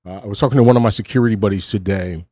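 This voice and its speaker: A man's voice: fairly low pitch, racing, dark tone, no echo. A middle-aged man hosting a late-night stream from his home studio, rambling casually, cutting himself off with wry asides, sounding short on sleep. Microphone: studio mic with cough button.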